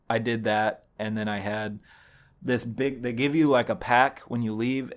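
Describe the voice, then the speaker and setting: A young man recording himself at home, telling a heated, profane story in a rambling way. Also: medium pitch. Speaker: vlogger. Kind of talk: casual storytelling monologue. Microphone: home recording setup, watching audio levels.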